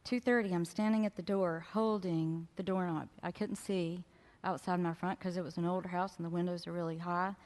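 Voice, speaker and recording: A woman spiritual speaker giving a frank, animated storytelling talk to a live audience, speaking directly to the crowd. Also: fairly low pitch, fairly quick. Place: lecture hall at a fellowship event. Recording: long reverb of a hall.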